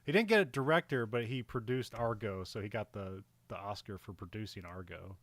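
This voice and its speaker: A man's voice: on the low side, a little fast, no echo. A man co-hosting a casual film podcast, rambling through his thoughts and laughing often. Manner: rambling, laughs often, animated when excited. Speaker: podcast co-host.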